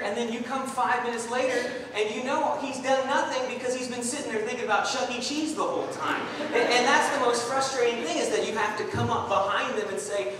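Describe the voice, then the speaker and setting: A young man preaching a sermon in a church, telling stories in an animated way and acting out the voices in them. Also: very high voice, fairly quick, few pauses. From Southern California. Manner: animated storytelling, acts out voices in anecdotes. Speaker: guest preacher. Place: church sanctuary. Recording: distant, echoey hall recording with faint noise.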